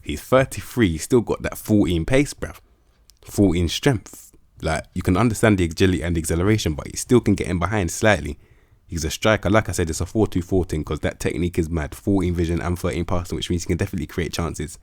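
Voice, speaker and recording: Young lad, really low voice, loads of slang and swearing, rating players on his channel. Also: fast talker, no echo, studio quality. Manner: slangy, swears a lot, animated hype. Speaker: gaming video host. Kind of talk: casual game commentary.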